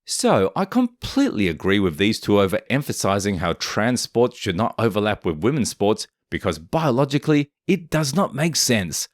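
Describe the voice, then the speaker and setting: A man delivering a scripted commentary voice-over with snide, opinionated jabs. His pitch leaps and dips all over the place. The sound is close and dry, with no room around it. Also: very animated, normal speed, few pauses, no room sound. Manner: snarky, opinionated. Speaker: commentary narrator.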